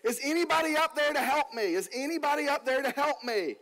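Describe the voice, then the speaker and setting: A preacher voicing a frightened man hanging from a cliff, shouting up frantically for help. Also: extremely high pitch, big pitch swings, normal speed, pitched above the performer's own voice, exaggerated voice, poor audio. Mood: panicked. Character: panicked man dangling from a cliff.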